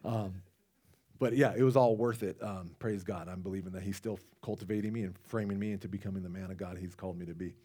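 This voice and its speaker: A man with a somewhat low voice delivers a loose, conversational sermon. He wanders into asides and restarts his sentences as he talks to the congregation. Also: fairly even intonation, quick pace, mellow. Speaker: lay preacher. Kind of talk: casual sermon.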